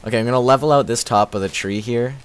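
A man streaming a game live, chatting casually with a slightly raspy voice and thanking viewers as he plays. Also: mid-range voice, quick pace. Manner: chatty, thanks viewers, repeats filler words. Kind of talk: casual livestream commentary while playing.

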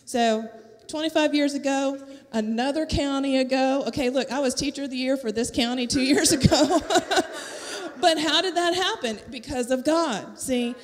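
A middle-aged woman with a Southern US accent tells a lively testimony in a church, laughing often and acting out the voices of others. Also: sits high, normal speed. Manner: lively storytelling, laughing often, acts out quotes. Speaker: teacher sharing a testimony at church. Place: church sanctuary. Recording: echoey church hall.

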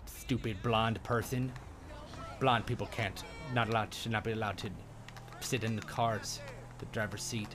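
Over game music and sounds, a young man hosts a let's-play video, joking around goofily and swearing mildly. He speaks at a moderate pace in a fairly low voice with fairly even intonation.

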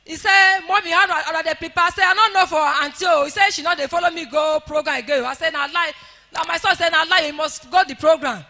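A Nigerian woman giving an emotional church testimony, rising to shouts of praise. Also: extremely high pitch, steady tone, fast, long reverb tail.

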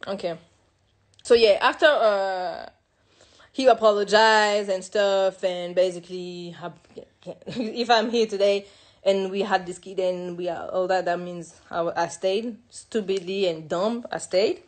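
A young woman from France, a native French speaker talking in English, telling her own story in a halting way, repeating words and correcting herself. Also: medium pitch, fairly even intonation. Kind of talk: personal confessional monologue.

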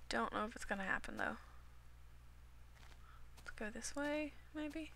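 Slow-talking young woman with gravelly cough. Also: a little high, expressive, fairly bright tone, a little hiss or hum. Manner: rambling and chatty, talks to herself while playing. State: coughing after an illness. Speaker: gaming video creator. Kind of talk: casual Minecraft commentary. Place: at home.

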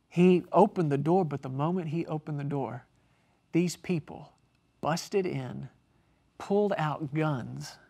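A man's voice: fairly high pitch, gravelly. A man preaching a televised sermon, telling a story and reading scripture aloud, rising to emphatic stresses on key words. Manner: reads scripture aloud between stories.

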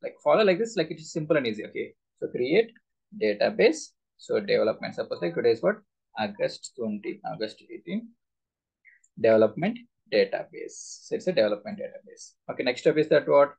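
A man's voice: mid-range voice, big pitch swings, a little fast, creaky, darkish tone, breathy edge. A man teaching a live SQL class, quizzing students with repeated questions. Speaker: SQL instructor.

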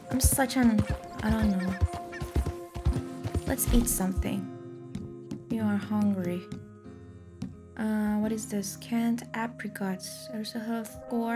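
A woman from Iran giving casual, excitable commentary while playing a video game, swearing and exclaiming often. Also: on the high side. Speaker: let's play streamer.

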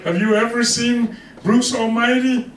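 A man's voice: very high-pitched, level tone, measured pace, a little hiss or hum. A man preaching a sermon as pastor, conversational and joking, often checking in with his congregation. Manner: conversational, joking, keeps asking "you with me?". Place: church hall with congregation. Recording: echoey hall from far off, congregation.

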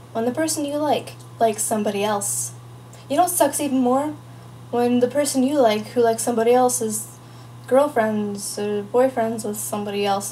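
A woman's voice: a little high, darkish tone, a little hiss or hum. A teenage girl chatting casually in a vlog, rambling and playful with lots of asides. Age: teens. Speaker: vlogger.

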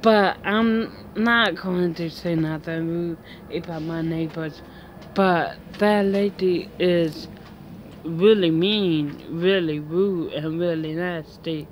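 A woman's voice: fairly low pitch, fairly even intonation, takes it slowly, a little hiss or hum. A woman vlogging outdoors at home in a casual, rambling chat full of fillers and restarts.

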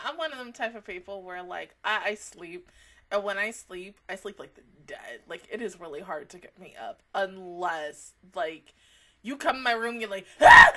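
A young woman chatting casually about an episode she just watched, excitable and laughing often, with a casual habit of swearing. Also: medium pitch. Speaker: anime reaction vlogger. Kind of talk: casual reaction chat.

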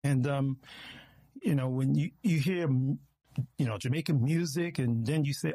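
A man's voice: fairly high pitch, normal speed, pauses often, dark tone, slightly rough, no echo, clean studio sound. A man from New York hosting an interview, friendly and enthusiastic as he chats with his guest. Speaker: host. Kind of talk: casual interview conversation.

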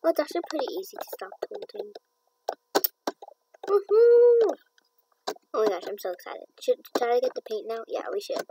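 A young woman hosting a casual gaming vlog, talking softly and often half-whispering, with sudden bursts of excited squeals. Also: fairly high pitch, fast, hardly any pauses, far from the mic, very noisy. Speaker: gaming channel host.

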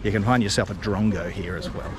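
Fast-talking and lowish-voiced, this middle-aged Australian travel vlogger narrates a casual walking vlog outdoors in a city park. He rambles and chats with many fillers and restarts while traffic and street sounds carry through the recording.

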